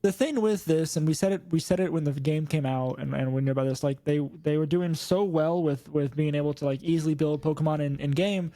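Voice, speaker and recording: A young man co-hosting a casual podcast, rambling and animated as he chats, slipping into mock voices. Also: fairly high pitch, brisk, hardly any pauses. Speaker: podcast co-host. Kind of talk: casual chat about video games.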